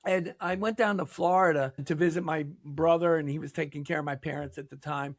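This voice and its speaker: A man's voice: a little high, brisk, dry recording, studio quality. An older man from New York, a guest on an interview show, telling casual rambling stories and acting out what others said. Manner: rambling, animated storyteller who acts out quotes. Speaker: podcast guest, pickleball league founder.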